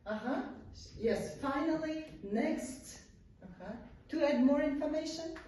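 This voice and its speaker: A woman's voice: sits high, lively intonation, a little slow, mellow, distant mic, slight background noise. Uzbek-accented woman teaching in an echoey room. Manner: frequent "uh-huh" and checking "yes?" with students. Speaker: English teacher. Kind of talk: classroom lecture. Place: classroom. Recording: echoey classroom, voice from across the room.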